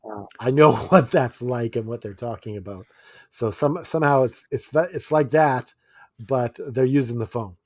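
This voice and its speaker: A man's voice: medium pitch, moderate pace, no echo. A man co-hosting a casual podcast, telling stories and laughing often as he acts out quoted lines. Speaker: podcast co-host. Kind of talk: casual chat.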